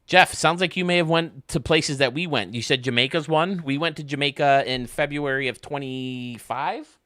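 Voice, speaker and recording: A man's voice: fairly high pitch, normal speed, pushed and bright, no room sound, studio quality. A man streaming a baseball game, rambling and joking casually with his chat. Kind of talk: casual chat while playing.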